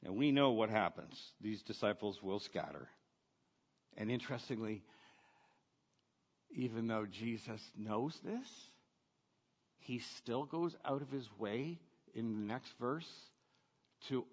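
A male pastor delivers an unhurried, conversational sermon, pressing his points with rhetorical questions. His voice carries a long reverb, as if it fills a large hall. The recording itself is a little dull. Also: medium pitch, animated, slightly rough.

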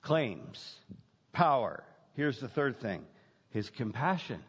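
A man preaching a sermon as pastor, emphatic, building points through repetition and dramatic pauses. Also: a little high, expressive, fairly bright tone. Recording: dull lo-fi sound with long hall reverb.

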